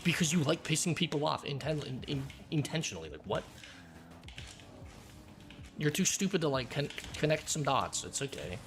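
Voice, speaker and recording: While streaming a game, a man rants angrily at a chat viewer, blunt and profane, lecturing in a hammering, repetitive way. His voice is a little high, expressive and a bit bright, at normal speed with frequent pauses.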